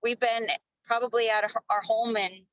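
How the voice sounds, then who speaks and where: Woman from Minnesota, thirties, sales team leader; bright, forceful delivery, a little high, dry close sound, casual and energetic. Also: moderate pace, dry recording, muffled recording. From Minnesota, USA. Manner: energetic, casual, swears freely. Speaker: network marketing team leader. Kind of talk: motivational training talk.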